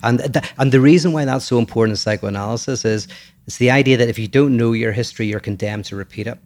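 A man's voice: mid-range voice, quick pace, darkish tone. A man hosting a casual philosophical discussion, explaining ideas patiently and searching for the right words. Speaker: podcast co-host.

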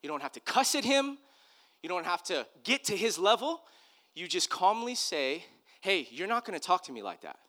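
A calm, firm father, as a man puts him on. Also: high-pitched. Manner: quiet, measured, steady. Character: calm, firm father advising his young son.

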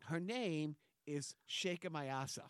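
A man's voice: on the high side, animated, slow pace, clean tone, dry recording, studio quality. A man hosting a casual podcast chat, rambling and joking as he goes. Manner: rambling, joking, chuckles between thoughts. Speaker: podcast host.

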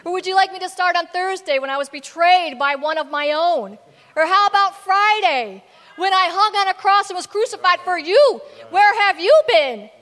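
A woman's voice: extremely high pitch, expressive, moderate pace, fairly bright tone, big-room sound, pitched above the performer's own voice. A woman doing a sarcastic, exasperated Jesus. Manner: mocking, rising and emphatic.

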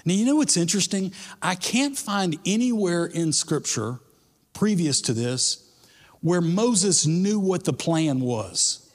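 A pastor preaches in a relaxed, chatty way, dropping slang into his sermon. His voice sits a little higher than most men's. A long reverb hangs on his words, as in a big sanctuary. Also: slow pace. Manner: casual, conversational preaching with slang. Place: church sanctuary.

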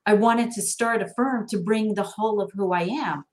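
A woman's voice: medium pitch, moderate pace. A middle-aged woman, a financial planner and guest on a talk show, speaking expressively, laughing often and acting out quoted dialogue. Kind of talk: animated conversational interview.

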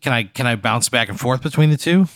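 A man's voice: medium pitch, lively intonation, fast, a bit bright, dry recording, studio quality. Grumpy, wary man in comedy chat. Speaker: podcast co-host.

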